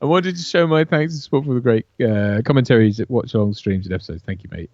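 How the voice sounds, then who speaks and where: A man's voice: lowish voice, expressive, fast talker, darkish tone, no echo, muffled recording. A man co-hosting a movie watch-along from the UK, an actor and impressionist who laughs, swears, and drops into mock voices. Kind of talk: casual film commentary chat.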